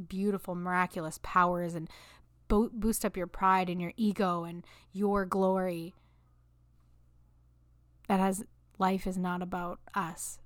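A woman's voice: lowish voice, dry recording. A woman hosting a podcast, sharing an earnest, emotional faith reflection that rises into impassioned exhortation. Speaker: podcast host. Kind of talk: faith-based personal reflection.

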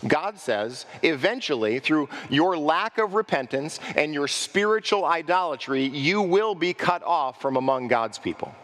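A man preaching a sermon as pastor, asking his congregation questions and slipping into quick impressions of worshippers. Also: a little high, animated, a bit bright, big-room sound. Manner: acts out worshippers' voices in quick asides.

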